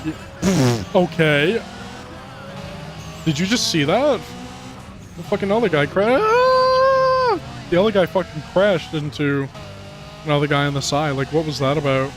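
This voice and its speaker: A man giving casual, profane commentary over a racing game, rambling and ranting with animated outbursts. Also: a little high, normal speed, pauses often. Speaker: gaming commentator. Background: game music and car engines.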